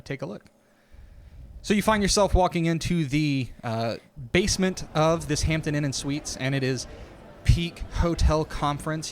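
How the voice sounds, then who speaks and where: A man runs a tabletop game, narrating scenes in a loose, casual way full of ums and uhs. His voice sits at a middle pitch, with faint noise in the background. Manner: casual, filler-heavy narration. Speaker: game master.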